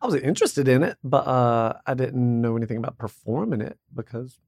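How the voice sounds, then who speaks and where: A man from Georgia, a guest in a casual chat, good-natured with quick playful comebacks. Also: medium pitch, expressive, vocal fry, darkish tone, no echo, clean studio sound.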